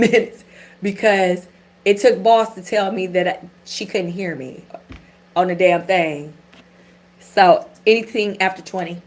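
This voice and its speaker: A middle-aged woman hosting a tarot channel, chatting candidly and casually with her viewers, with frank swearing and everyday slang. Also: medium pitch. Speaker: tarot reader and channel host. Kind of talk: casual livestream chat.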